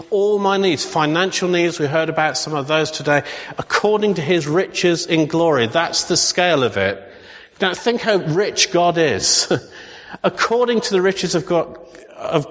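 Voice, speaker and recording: Pastor, male, slightly high voice, earnest and encouraging, preaching in a long-reverb church hall on a dull recording. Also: fairly bright tone. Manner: earnest, encouraging, leads declarations. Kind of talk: sermon with congregational prayer.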